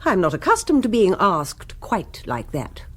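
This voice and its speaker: A woman's voice: mid-range voice, wildly swooping pitch, a little slow. A snobbish village social queen, lofty and precise, with a voice that swoops widely in radio drama. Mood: affronted.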